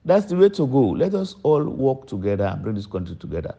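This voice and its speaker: A man's voice: very animated, fast talker, vocal fry, dark tone. Emphatic older Sierra Leonean man. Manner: emphatic, repeats points with sudden pitch jumps. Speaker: politician. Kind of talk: public address mixing English and Krio. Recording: dull lo-fi recording.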